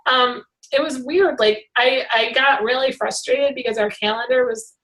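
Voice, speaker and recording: A woman leading a casual group video call, talking in a rambling, animated way with many fillers. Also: high voice, moderate pace, low-quality recording. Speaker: hangout organizer.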